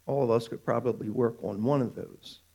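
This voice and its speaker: A man preaching a sermon, animated, stretching out words for emphasis. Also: mid-range voice, gravelly. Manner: animated, drawn-out emphatic phrases.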